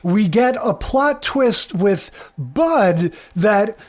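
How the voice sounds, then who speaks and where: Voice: mid-range voice, expressive, very slow. A podcast co-host in casual chat, giving wry, analytical commentary on a sitcom episode and quoting its lines.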